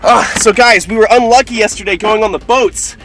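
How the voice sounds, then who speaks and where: Excitable high-voiced man outdoors. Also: fairly quick, slight background noise. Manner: excitable, exclaiming. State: out of breath. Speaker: wildlife vlogger. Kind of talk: excited outdoor narration to camera. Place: outdoors by a levee road in a wetland. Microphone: handheld camera.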